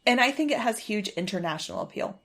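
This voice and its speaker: A woman co-hosts a casual podcast, riffing sarcastically and swearing freely. Her pitch swings widely, jumping high for put-on asides. She keeps the chat playful and animated. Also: fast talker. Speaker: podcast co-host.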